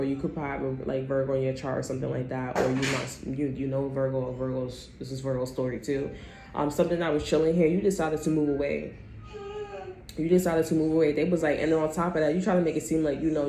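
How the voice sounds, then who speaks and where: A tarot reader giving a casual, rambling reading full of cursing and asides. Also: mid-range voice. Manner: profane, rambling, animated. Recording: roomy echo, faint background noise.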